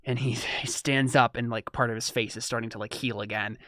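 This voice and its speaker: A man's voice: medium pitch, fairly even intonation, fairly quick, a bit bright, no echo, clean studio sound. A young man narrating as game master in a rambling way with many restarts. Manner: rambling, full of fillers and restarts.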